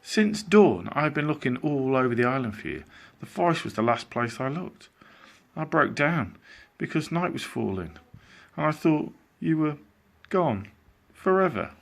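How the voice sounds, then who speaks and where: A man voicing a young girl, an emotional caring big sister, in a high excitable voice. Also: a little slow, gravelly, heavily acted.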